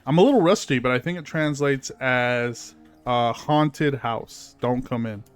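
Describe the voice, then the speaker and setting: A man's voice: medium pitch, measured pace, clear, resonant tone. A man streaming a video game, chatting casually with fillers and reading the game's text aloud. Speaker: gaming streamer. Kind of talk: casual let's-play commentary.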